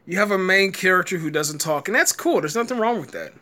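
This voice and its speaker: A man's voice: high voice, expressive, brisk, pushed and bright. A man giving a casual, exasperated review rant, stumbling and repeating words and breaking into laughter. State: tired, early morning.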